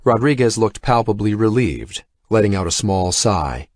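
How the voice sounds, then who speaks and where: Low-voiced male audiobook narrator. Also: animated, normal speed, no echo, clean studio sound. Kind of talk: scripted narration.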